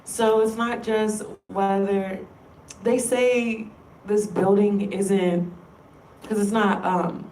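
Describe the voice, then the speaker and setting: A woman's voice: mid-range voice, steady tone, slow pace, a little mellow, slight background noise. Woman ranting casual and sweary, kinda far from the mic, echoey room. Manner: profane, rambling, emphatic. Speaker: vlogger. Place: room in an indoor workplace building.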